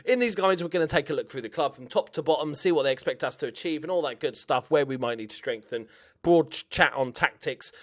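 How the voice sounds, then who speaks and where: A young man with a broad Scouse accent, chatting loosely as he clicks through a football management game. His tone is cheeky and informal, with casual swearing and mid-pitched, everyday delivery. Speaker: gaming YouTuber. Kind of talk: casual video game commentary.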